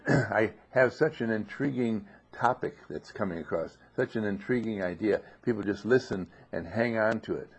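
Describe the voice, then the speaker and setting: A man giving an informal spoken teaching in a monastery dining room, often clearing his throat and asking rhetorical questions. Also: fairly low pitch, normal speed. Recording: dull lo-fi recording.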